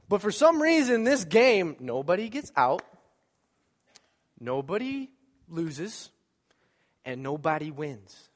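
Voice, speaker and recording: A man's voice: a little high, measured pace, long pauses, big-room sound. A man preaching a sermon to his congregation, telling stories, joking, and acting out voices. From American Midwest. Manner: animated storytelling, acts out voices, jokes with congregation. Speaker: pastor. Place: church sanctuary.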